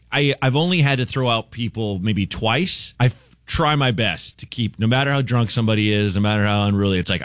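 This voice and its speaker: A man's voice: fairly low pitch, no room sound. A man who is a comedian guest, telling a rambling story on a studio radio show, acting out voices and laughing as he goes. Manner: rambling, animated, acts out voices and laughs while telling stories.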